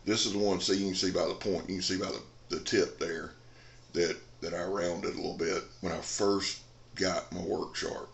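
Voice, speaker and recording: A man's voice: sits low, steady tone, moderate pace, vocal fry, reverberant. A man, rambling in a folksy casual chat as a knife reviewer in a dim room. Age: 40s.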